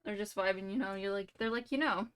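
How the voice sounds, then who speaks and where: A woman's voice: mid-range voice, steady tone, quick pace, clean tone. A young woman streamer telling a rambling, playful made-up story full of "like" and "you know".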